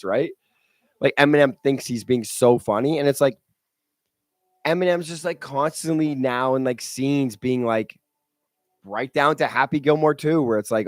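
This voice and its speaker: A man co-hosting a podcast, talking in a rambling, animated way and acting out other people in quick asides. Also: medium pitch, no room sound, clean studio sound. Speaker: podcast co-host. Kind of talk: casual chat.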